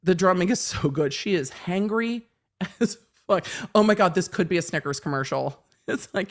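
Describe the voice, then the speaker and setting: Lively woman host chatting on a livestream. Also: fairly low pitch, normal speed. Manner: animated, laughing, swearing freely. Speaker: legal commentary livestream host. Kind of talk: casual livestream chat.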